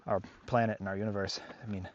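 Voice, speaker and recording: A man with a fairly low voice talks loosely and thoughtfully as a dog trainer, wandering between points and filling gaps with "um" and "like". He is out on a walk, recorded with a slightly dull tone and a faint hiss behind him. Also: little pitch movement, fast talker. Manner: rambling and reflective, with many fillers. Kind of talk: casual talk to camera. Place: outdoors on a park walk.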